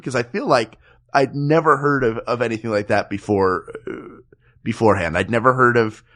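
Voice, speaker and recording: A man's voice: medium pitch, a bit bright. A man co-hosting a comedy podcast, bantering casually and laughing often with his co-host.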